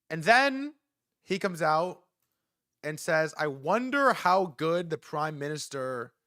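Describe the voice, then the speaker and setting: A young man in his twenties hosting a live stream, talking in a profane, excitable, rambling way. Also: on the high side, no echo, clean studio sound. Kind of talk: casual live commentary.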